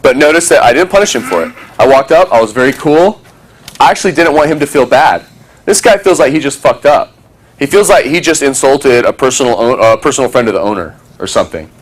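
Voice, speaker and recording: A man's voice: medium pitch, lively intonation, brisk. A man talking casually to a small group, telling a story and acting out other people's voices, swearing freely.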